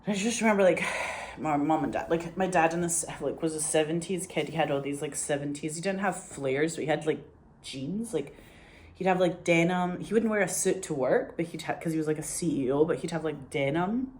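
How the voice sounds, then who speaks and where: A woman's voice: deep voice, fairly quick, darkish tone, a little hiss or hum. A Scottish woman telling stories in a casual, rambling way, swearing freely and saying "like" constantly. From Scotland. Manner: rambling, profane, heavy use of "like". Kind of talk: casual storytelling.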